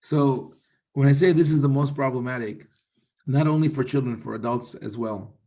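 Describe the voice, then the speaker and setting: Man, rabbi, mid pitch, explanatory teaching, thoughtful restarts, quotes Hebrew. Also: normal speed, warm tone.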